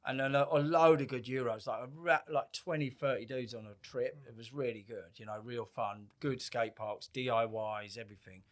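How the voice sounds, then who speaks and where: A man's voice: medium pitch, normal speed, hardly any pauses. Laid-back man in his fifties. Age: 50s. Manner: rambling, laid-back storytelling with frequent swearing and restarts. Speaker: guest. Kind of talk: casual podcast chat.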